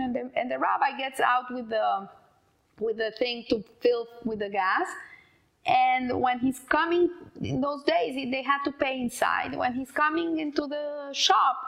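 A woman casually telling an inspirational story, halting and repeating words as she goes. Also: high voice, creaky, fairly bright tone.

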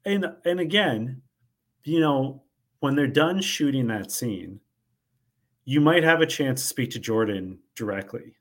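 A man co-hosting a casual recap podcast, talking things through in a measured, explanatory way. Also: medium pitch, expressive. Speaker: podcast co-host.

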